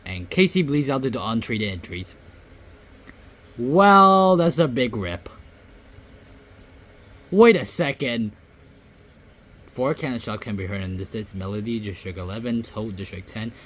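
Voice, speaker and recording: A young man casually reading out game results and reacting with loud, surprised outbursts. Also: lowish voice. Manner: reads results aloud, then breaks into loud surprised outbursts. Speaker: gaming YouTuber reading a simulator.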